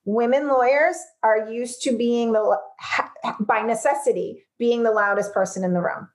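A woman's voice: a little high, steady tone, moderate pace. A woman attorney from Massachusetts, a guest on a business podcast, chatting in a jokey, self-deprecating way. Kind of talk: casual podcast chat.

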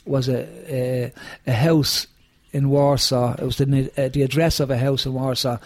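A man's voice: medium pitch, moderate pace. A man with a Dublin accent talking casually in an interview, telling stories with plenty of swearing and heat. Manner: sweary, animated storytelling. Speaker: rock singer, guest.

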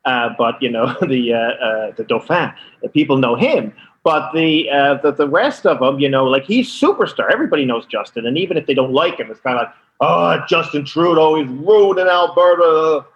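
A man from Canada, a comedian calling in as a guest, telling anecdotes in an animated way, laughing and slipping into voices. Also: medium pitch, a little fast. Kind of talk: anecdotal storytelling. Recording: lo-fi phone-in line.

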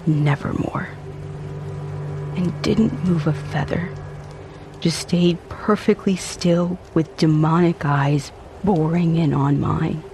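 A man narrating a dark first-person story in an intense, brooding, theatrical way. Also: a little high, steady tone, slow, noisy background.

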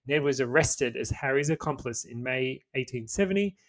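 A man's voice: medium pitch, lively intonation, normal speed. An Australian man with an everyday mid-range voice reads a history story for a podcast. He mixes the scripted telling with loose, sweary asides to his co-host. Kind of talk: reading a history story aloud, with casual banter.

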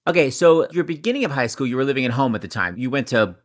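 An animated man hosting his podcast, his pitch leaping up and down as he gossips and tosses off jokes. The sound is close and dry, with no room around it. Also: dry recording. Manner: animated, gossipy, quick comic asides. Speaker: podcast host. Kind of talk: chatty podcast monologue and interview.

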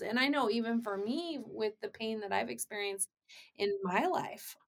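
A woman's voice: on the high side, moderate pace, creaky. A woman in her forties hosting a podcast, telling stories earnestly and asking questions. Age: 40s. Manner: earnest storytelling, quoting others. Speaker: podcast host. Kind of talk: conversational interview.

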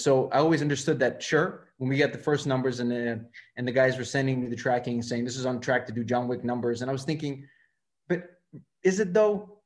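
A man in his thirties from Russia, speaking English, telling stories as a film director guest and acting out the lines of the people he quotes. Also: medium pitch. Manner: fast, animated, acts out quoted dialogue. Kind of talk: casual interview storytelling.

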